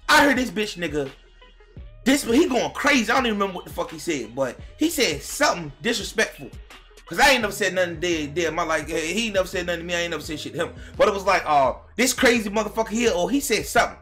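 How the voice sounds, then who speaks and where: Young guy for a vlog storytime: lively swooping delivery, bright edge, loud cussing bursts, faint music under it. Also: high-pitched, fast. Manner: animated, profane, talks straight to viewers, bursts into shouts. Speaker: vlogger telling a personal story. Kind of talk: casual storytime monologue to viewers.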